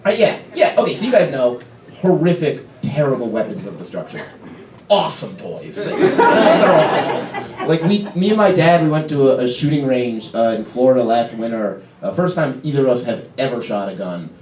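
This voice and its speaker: A young man doing a self-deprecating stand-up routine on a comedy club stage, with quick asides and stumbling restarts, heard from a distance over audience laughter. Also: medium pitch, very animated, a little mellow, echoey room.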